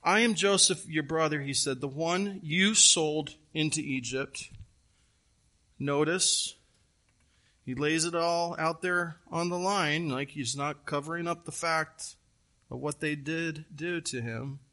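Pastor guy preaching slow and deliberate, kinda high bright voice, gets animated retelling the story. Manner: earnest, animated storytelling with repeated phrases. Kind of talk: sermon.

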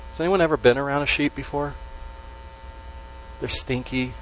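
A man preaching a sermon to a congregation, stressing key words slowly and letting his voice drop at the ends of phrases. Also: mid-range voice, fairly even intonation, a bit bright, slight background noise, low-quality recording. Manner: emphatic, with slow stressed words and dropped endings. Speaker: pastor.

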